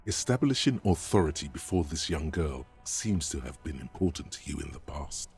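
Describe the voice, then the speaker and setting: A gravelly, deep inner-voice narrator. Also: male voice, sing-song, darkish tone, faint music behind, heavily acted. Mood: dry. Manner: measured, dry. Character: calm, wry male narrator, an inner voice. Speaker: game narrator.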